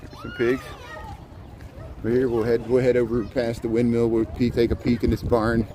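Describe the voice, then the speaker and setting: Male vlogger walking outdoors, easygoing and chatty, with clear outdoor ambience behind. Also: medium pitch, completely flat delivery, a little fast, mellow, rough recording. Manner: chatty, jokey, talks to the animals. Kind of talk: casual walking vlog. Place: outdoor farm area at a city zoo. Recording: outdoor street noise. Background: outdoor ambience, birds, passing vehicles.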